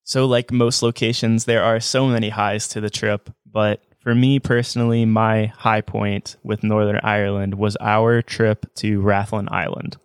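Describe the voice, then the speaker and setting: A man's voice: fairly low pitch, flat delivery, unhurried, few pauses, clear, resonant tone, no echo, clean studio sound. A man co-hosting a casual travel podcast, talking with enthusiasm and often restarting his sentences. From United States. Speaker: podcast co-host.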